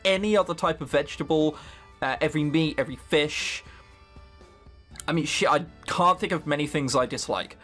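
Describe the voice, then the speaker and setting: A man hosting a let's-play, giving casual game commentary in a sweary, sarcastic, animated way. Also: on the high side, moderate pace, faint music behind.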